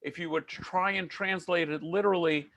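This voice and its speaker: A man's voice: a little high, fairly even intonation, fairly quick, a bit bright, dry recording. A man giving an online lecture on myths, talking in a conversational, digressive way with dry jokes.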